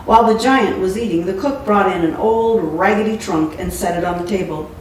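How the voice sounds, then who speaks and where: A woman's voice: mid-range voice, fairly quick. A woman reading a picture book aloud with playful asides. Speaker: storybook reader. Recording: echoey room, mic far off, faint noise.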